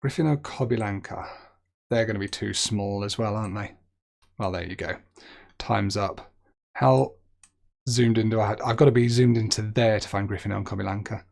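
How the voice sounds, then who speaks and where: A man's voice: on the low side, normal speed, creaky, a little mellow. A young man streaming a geography guessing game, chatting as he thinks aloud and making light of his own mistakes. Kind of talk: gaming commentary.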